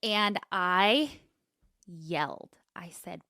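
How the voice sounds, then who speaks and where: A woman co-hosting a podcast, telling stories in casual chat, animated and swearing freely as she acts out what people said. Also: lowish voice, very slow, no echo, studio quality. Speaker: podcast co-host.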